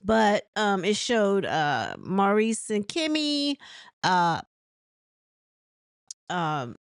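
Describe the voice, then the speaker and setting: A woman's voice: medium pitch, sing-song, very slow, clear, resonant tone, no echo, clean studio sound. A woman chatting casually as she recaps a reality show episode, rambling with many ums and laughing as she mimics the cast. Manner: many fillers and restarts.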